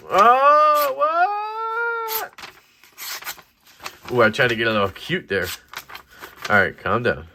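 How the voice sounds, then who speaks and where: A young man casually reviewing a knife in a rambling, excited vlog, swearing now and then. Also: mid-range voice, slight background noise.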